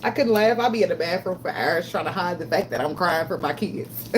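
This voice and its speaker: A woman's voice: fairly low pitch, fairly quick, very noisy. A woman doing a casual tarot reading vlog, talking bluntly with lots of swearing, getting emotional and laughing often. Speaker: tarot reader.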